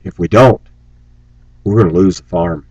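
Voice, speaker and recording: A man's voice: normal speed, dark tone, breathy edge, no room sound, poor audio. A man delivering an angry, preachy rant on his vlog, scornful and sarcastic. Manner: mocks opponents in shrill put-on voices. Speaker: vlogger.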